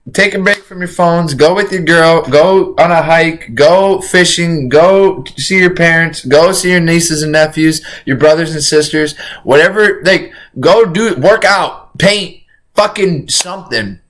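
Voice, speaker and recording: A man's voice: a little high, measured pace, fairly bright tone. Rambling, profane young-sounding streamer guy. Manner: profane, slangy, rambling, says "bro" constantly. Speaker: streamer reacting to a crime video. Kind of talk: casual reaction commentary.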